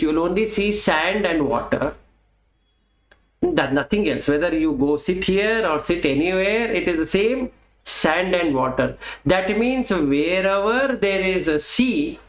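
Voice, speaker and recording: A man's voice: high voice, a bit bright, echoey room, poor audio. A man with an Indian accent giving a Dhamma talk as a Buddhist teacher, explaining step by step and putting questions to the listener.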